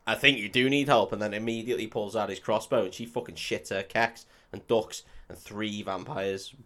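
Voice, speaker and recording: A man's voice: on the low side, steady tone, moderate pace, fairly bright tone. Sweary man recapping a film. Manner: swears freely, acts out characters, laughs often. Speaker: podcast co-host recapping a film. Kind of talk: casual chat.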